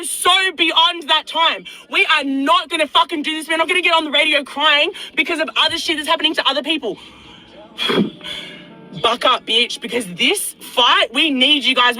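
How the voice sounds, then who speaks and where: High, bright-voiced angry woman ranting. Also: poor audio. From half Australian, half American. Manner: furious, profane, repetitive and emphatic. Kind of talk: angry rant to camera.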